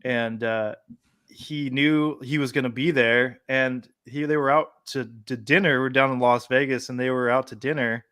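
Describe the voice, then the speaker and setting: Smooth and medium-pitched, a man's voice moves at a moderate pace with no room sound. He hosts a casual podcast, telling a lively story full of laughter and acted-out quotes.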